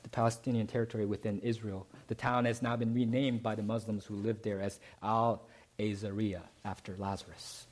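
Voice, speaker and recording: A man preaching a sermon, who often asks the congregation "right?" and moves between emphatic climbs and soft, low passages. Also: flat delivery, normal speed. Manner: rising to emphatic peaks, then dropping soft and low. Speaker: pastor.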